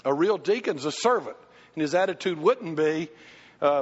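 Taking his congregation's questions, an older pastor speaks briskly in a fairly high, husky voice. He tells stories with gusto, voicing each quoted character, and the hall recording is muffled.

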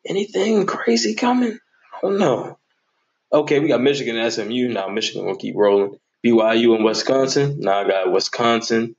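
A man's voice: mid-range voice, brisk, dull audio. A man hosting his own sports podcast, chatting casually and animatedly as he jokes through his predictions and picks.

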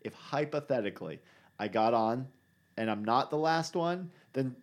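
A man's voice: medium pitch, lively intonation, moderate pace. A man hosting a casual podcast chat, making playful, jokey asides. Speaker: podcast host.

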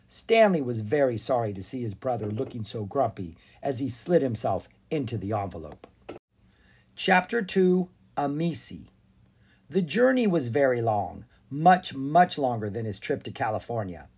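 Animated children's-book narrator, breathy and very lively in pitch. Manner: animated, expressive reading. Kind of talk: storybook read-aloud.

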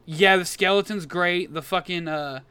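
A podcast co-host with a high, bright voice and crisp, clean tone, recorded dry and close. He talks fast and loose, peppering casual chat with profanity and lively storytelling. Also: no room sound. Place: Las Vegas.

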